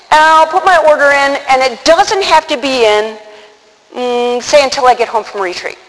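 A woman telling a personal story to an audience, animated, acting out the quotes and laughing often. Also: high-pitched, normal speed. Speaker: religious speaker. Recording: long hall reverb, faint noise.

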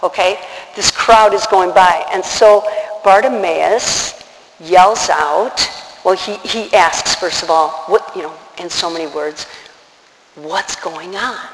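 High-voiced man preaching in a reverberant hall. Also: slow pace, a little hiss or hum. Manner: storytelling, acting out the voices of people in the scriptures. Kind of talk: sermon.

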